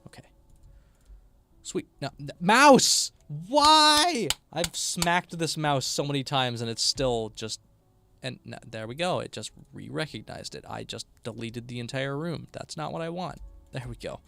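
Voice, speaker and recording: A man's voice: medium pitch, moderate pace, gravelly, fairly bright tone, a little hiss or hum. A tired man chatting casually on a live stream while building a game, often mumbling to himself.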